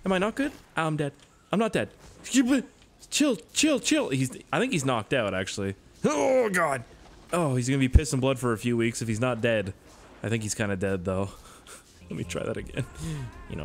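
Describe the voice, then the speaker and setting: A man giving excitable, swearing let's-play commentary as a gaming YouTuber. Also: medium pitch, a little fast, slight background noise. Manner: excitable, swears a lot, laughs at own jokes.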